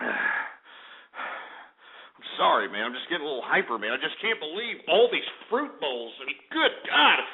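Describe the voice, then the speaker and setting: A man hosting a call-in radio show, ranting loudly and hurling insults at callers. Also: a little high, very animated, a little slow, vocal fry. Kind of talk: abrasive call-in radio talk. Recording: lo-fi phone-quality internet radio.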